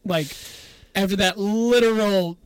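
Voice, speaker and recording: A young man with a high-pitched voice trades teasing jokes on a podcast, swearing casually. He sits close to the mic in a dry room with no echo. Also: measured pace, smooth. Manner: teasing, joking, laughs a lot, swears. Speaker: podcast co-host. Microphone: podcast microphone.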